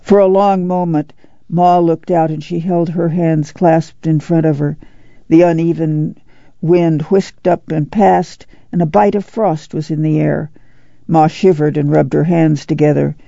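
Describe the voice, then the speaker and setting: Gravelly, dark audiobook reader, dry dull audio. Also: medium pitch, no echo. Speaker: audiobook narrator. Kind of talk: audiobook narration.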